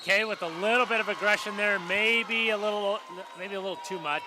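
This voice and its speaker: Chatty high-voiced male color commentator. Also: a little fast, noisy background. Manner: chatty and joking, banters with co-host. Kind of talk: live volleyball commentary. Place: school gymnasium.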